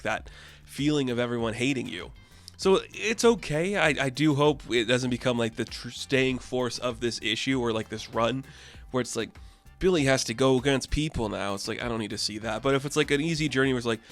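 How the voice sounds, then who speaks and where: A man's voice: medium pitch, a bit bright. A man giving a casual, enthusiastic comic book review, chatty and full of "like". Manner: chatty, enthusiastic, says "like" often.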